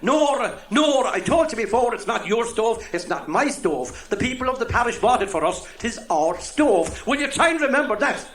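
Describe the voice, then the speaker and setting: A man's voice: very high-pitched, expressive, moderate pace, hardly any pauses, a bit bright, echoey room, pitched above the performer's own voice. A man voicing a stern old parish priest who scolds patiently. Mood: scolding.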